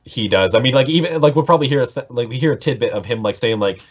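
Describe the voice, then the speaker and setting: A man's voice: medium pitch, racing, hardly any pauses, slightly rough. A man narrating a tabletop game as game master, rambling with many fillers. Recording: dull lo-fi mic.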